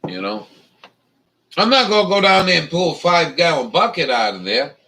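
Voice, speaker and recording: A man's voice: on the high side, very animated, fairly quick, bright, forceful tone, far from the mic, low-quality recording. A man hosting a casual chat, rambling and swearing a lot, with many fillers. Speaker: livestream host.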